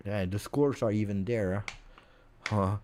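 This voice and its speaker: This football fan streamer, running a live watch-along, keeps repeating himself in an exasperated rant. He speaks fairly low, with a steady, somewhat dark tone and a measured pace.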